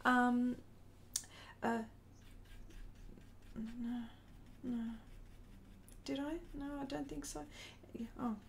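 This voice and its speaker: A woman's voice: on the high side, steady tone, very slow, vocal fry, pauses often, a little hiss or hum. A woman in her forties telling a rambling story during a casual live stream as an artist and host, breaking off to greet viewers.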